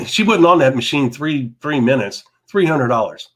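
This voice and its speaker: A man co-hosting a casual live talk show, telling a long story in an animated way, laughing often and repeating himself. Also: mid-range voice, normal speed. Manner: animated, laughing, repeats words, mild cursing. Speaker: podcast co-host.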